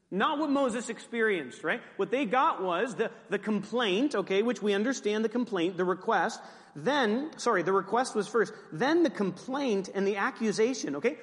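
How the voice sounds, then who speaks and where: High-voiced preacher in an echoing hall. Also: male voice, lively intonation, a little fast, fairly bright tone. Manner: conversational, joking asides. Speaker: pastor. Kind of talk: sermon.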